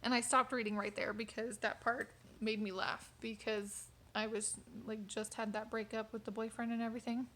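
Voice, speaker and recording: A young woman sharing a personal testimony in a vlog, in a fairly high voice. She talks in a candid, casual way and leans on conversational fillers. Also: level tone, moderate pace, few pauses, a bit bright. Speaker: vlogger sharing a personal faith story.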